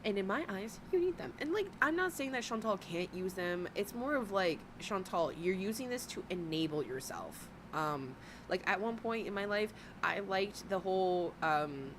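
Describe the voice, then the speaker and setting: A woman reacts to streamer clips with biting sarcasm and crude mockery. Her voice sits at a middle pitch, and a faint background hum runs under the recording. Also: animated, normal speed. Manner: mocking, sarcastic commentary. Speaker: reaction commentator. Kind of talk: reaction commentary.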